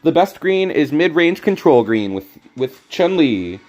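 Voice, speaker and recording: A man's voice: a little high, very animated, unhurried, darkish tone, soft background music. A young American man casually commenting on his card game while reading and answering chat, joking and chatty. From American South. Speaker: streamer.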